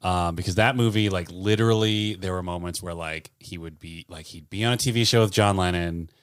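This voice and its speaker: A low-pitched man riffing loosely with friends on a podcast. He rambles and jokes, his voice sinking to a mutter at times. The sound is close and dry. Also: a little fast, clean tone, no room sound. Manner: joking, rambling, drops to a mutter. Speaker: podcast co-host. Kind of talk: casual chat.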